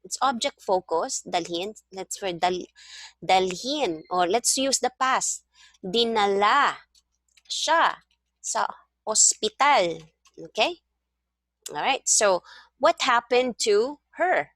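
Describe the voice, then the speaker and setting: A woman's voice: medium pitch, expressive, slow pace, pauses often, a bit bright, dry recording, clean studio sound. A woman teaching a one-on-one language lesson over a video call, explaining patiently step by step. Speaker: language tutor.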